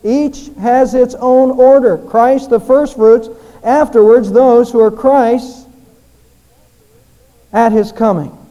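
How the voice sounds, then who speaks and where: A man preaching a sermon, explaining and repeating phrases for emphasis and slowly drawing out the key lines. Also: very high voice, fairly even intonation, warm tone, dull audio.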